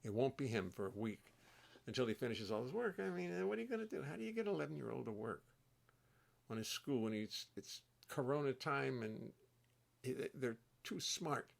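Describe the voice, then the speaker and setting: An older man with a gravelly voice, rambling and telling stories as he hosts a casual livestream from his home studio. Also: mid-range voice, animated, brisk. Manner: rambling, chatty, warm-hearted storytelling. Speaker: host and bassist.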